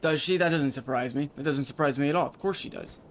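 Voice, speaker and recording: A man's voice: fairly high pitch, fast, a little hiss or hum. A man streaming a video game, chatting casually and sarcastically with his viewers. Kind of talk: casual gaming stream chat.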